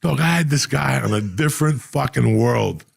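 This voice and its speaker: A middle-aged man telling profane stories in a casual, animated way, acting out the people he quotes. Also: medium pitch, moderate pace, gravelly, husky, dry recording, clean studio sound. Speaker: podcast host. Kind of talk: casual storytelling.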